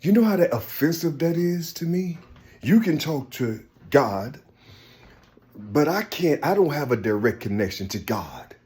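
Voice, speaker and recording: A man in a rambling personal monologue, halting and repetitive, often asking "you see?" and trailing off softly. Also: on the high side, sing-song. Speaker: speaker sharing personal visions.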